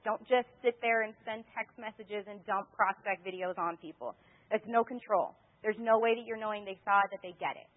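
A woman giving a motivational sales training talk, animated and storytelling, acting out her own conversations. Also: medium pitch, narrow, tinny audio. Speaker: network marketing trainer.

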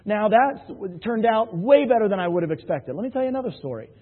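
High-voiced husky man telling stories on stage. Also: animated, a little fast. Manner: jokey storyteller, keeps asking the crowd "right?". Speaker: sales presenter. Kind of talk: anecdotal sales talk to a live audience. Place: hall with an audience. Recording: tinny, phone-like, with long hall reverb.

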